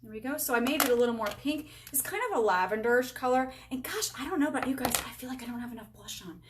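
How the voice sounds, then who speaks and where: Speaking fast in a highish voice over background noise, a woman in her forties works through a casual live-stream makeup demo as a beauty sales rep. She chats away upbeat and self-teasing to both herself and her viewers, recorded on a camera fitted with a halo light.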